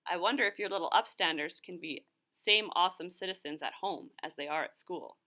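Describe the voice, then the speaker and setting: A female teacher joining a children's read-aloud, bright and playful, asking questions the way a curious pupil would. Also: lowish voice, brisk, few pauses. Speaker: teacher, guest reader.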